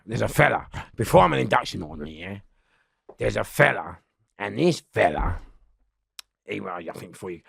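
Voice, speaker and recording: Gravelly, husky man. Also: medium pitch, a bit bright, no room sound, studio quality. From London. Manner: swearing, laughing, keeps restarting his story. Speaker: interview guest. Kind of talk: rambling prison storytelling.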